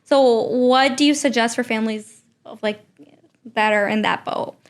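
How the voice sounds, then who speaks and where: A woman's voice: on the high side, fairly even intonation, normal speed. A young adult woman co-hosting a casual podcast about her work as a behavior analyst, talking in a chatty way full of "like" and "you know.". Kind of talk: casual conversational podcast chat.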